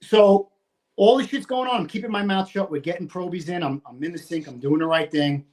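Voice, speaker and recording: A man in his fifties, a retired firefighter from the United States, swearing freely as he tells a story in casual conversation and acting out his own shouting. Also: high-pitched, a little fast. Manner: profane, animated, acts out his own shouting.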